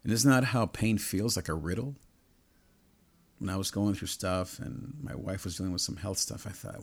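Man, middle-aged, preacher, gravelly low voice, earnest, repeats and stacks phrases. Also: animated, moderate pace. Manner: earnest, repetitive, building lists. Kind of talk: personal sermon.

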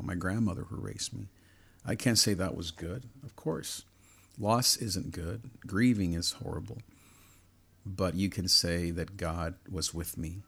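A man's voice: low-pitched, gravelly. A middle-aged man preaching a personal sermon, earnest and repetitive, stacking phrases into building lists.

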